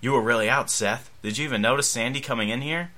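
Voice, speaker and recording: A man's voice: medium pitch, fast, bright, forceful tone, lightly acted. A man reading fan fiction aloud and voicing a flustered teenage boy. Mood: anxious. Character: teen boy Ryan, panicky and earnest.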